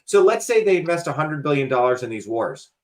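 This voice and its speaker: Man, host, slightly high voice, emphatic, lecturing, casual swearing. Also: sing-song, a little fast. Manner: emphatic, lecturing, curses freely. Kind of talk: casual talk show conversation.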